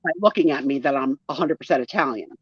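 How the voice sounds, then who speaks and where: Animated storytelling woman with a New Jersey accent. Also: a bass voice, fast, husky, dry recording. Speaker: guest storyteller. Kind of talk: casual chat. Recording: muffled lo-fi audio.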